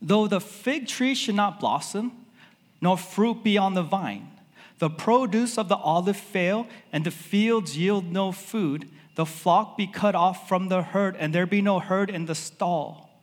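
A man's voice: high voice, a little slow, big-room sound. A man preaching a sermon as a pastor, talking in a loose, conversational way with lots of filler words.

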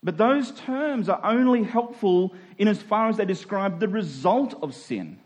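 A male pastor preaching a sermon, emphatic, slowing down to stress key words. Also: high-pitched, animated.

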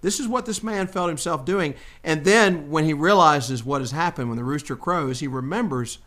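Man, Bible teacher, conversational, animated voice that jumps up for quotes. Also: normal speed. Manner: animated, acts out quotes with rising pitch. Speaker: Bible study host.

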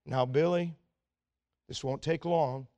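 Soothing young dad, quiet and even, as a preacher puts him on in a story. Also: male voice, slow pace, no room sound. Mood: calm soothing. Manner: calm, low and hushed. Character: calm, patient young father soothing his son.

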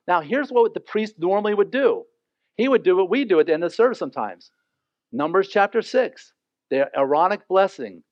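Male pastor, lively, joking sermon voice, fairly high, in a dull, dry recording. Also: no room sound. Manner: animated, joking, acts out the characters. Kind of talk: sermon, verse-by-verse Bible teaching.

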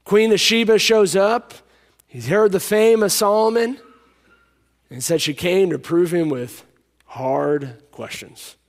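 A man preaching a sermon, emphatic, repeating key lines and dropping to a hush when he tells a story. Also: high voice, lively intonation, slow pace. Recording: hall reverb.

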